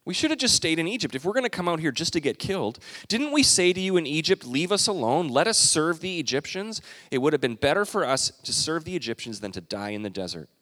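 A man's voice: big pitch swings, fast talker, few pauses, fairly bright tone. A man doing a whiny panicking crowd voice. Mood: whining. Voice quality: whiny, high and pleading. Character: whiny panicking adult Israelites, complaining. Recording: long reverb of a large hall.

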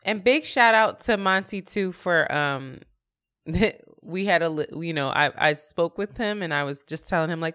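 A woman co-hosts a casual podcast, telling a story in a laid-back way. Her voice sits on the low side for a woman. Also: expressive, unhurried, fairly bright tone. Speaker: podcast co-host.

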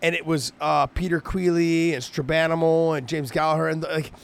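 Rambling man with a higher voice. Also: level tone, moderate pace, gravelly. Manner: rambling, restarts phrases, swears casually. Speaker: co-host, fighter. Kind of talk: casual chat.

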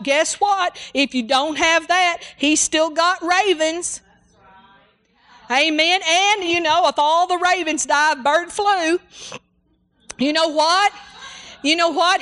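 A woman's voice: sits high, fairly bright tone. A woman preaching a sermon in a fervent, rambling way, full of hallelujahs and amens. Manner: rambling, with restarts and asides.

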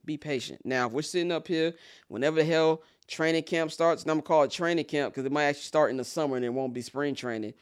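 A man's voice: a little high, clear, resonant tone. A man from Chicago giving a casual, blunt and profane sports rant as a commentator, opinionated throughout.

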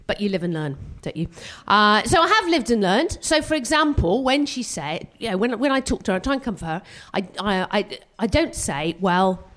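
A British woman performing live stand-up comedy at a venue, animated and self-mocking, jumping her voice up for punchlines. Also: mid-range voice. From Britain. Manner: animated and self-mocking, with quick vocal jumps.

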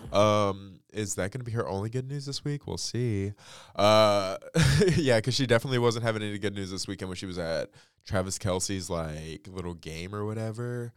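A man's voice: lowish voice, moderate pace, smooth, no room sound, studio quality. A man hosting a pop culture podcast, congested from allergies, chatting casually and filling his talk with "like" and "um". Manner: chatty, many fillers like "like" and "um". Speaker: podcast host.

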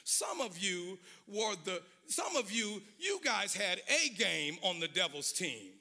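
Ask for a bright, high-voiced preaching pastor. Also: male voice, sing-song, takes it slowly. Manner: preaching with rising, sung shouted cadences; conversational and playful with the congregation. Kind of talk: sermon. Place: church sanctuary.

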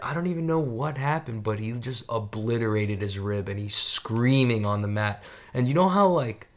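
A man's voice: medium pitch, lively intonation, moderate pace, hardly any pauses. A young man in casual chat on a podcast, rambling with many fillers and swearing freely.

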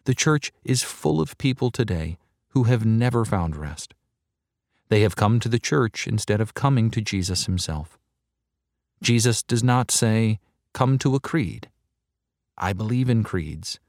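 A man preaching a sermon to a large crowd, earnest and measured, driving points home with slow, emphatic repetition. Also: lowish voice, animated, darkish tone, no echo, clean studio sound. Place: large hall before a crowd.

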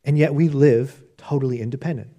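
A man's voice: medium pitch, brisk, mellow, muffled recording. A man preaching a sermon on prayer in an earnest, conversational way, often restarting his sentences. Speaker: pastor.

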